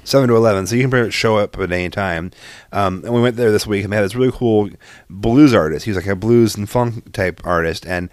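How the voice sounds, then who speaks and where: A man with a somewhat low voice talks loosely through stories on a casual podcast, drifting between tangents, laughing, and dropping the odd curse. The sound is dry and close, with no room echo. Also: quick pace. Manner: rambling storyteller, laughs often, swears casually. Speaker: podcast co-host. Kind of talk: casual chat.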